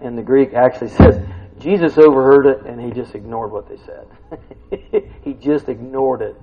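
A middle-aged man gives a folksy, conversational sermon, often turning to his listeners with questions. His voice is husky and of middling pitch, and he climbs loud and high when something excites him. The recording sounds dull and lo-fi. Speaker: preacher.

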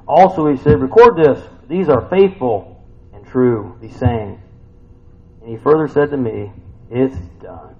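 A man in his fifties preaching a sermon in a folksy, conversational way, tossing in rhetorical questions and swinging from loud, high bursts to quiet, low reading. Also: expressive, measured pace. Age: 50s. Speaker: pastor. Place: church sanctuary. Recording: dull, lo-fi church recording with faint ambience.

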